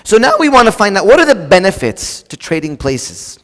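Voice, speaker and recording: Sing-song and fairly quick, this preacher's high, slightly bright voice delivers a casual, humorous sermon right at the congregation. He uses fillers and restarts, and the sound has the long reverb of a large hall.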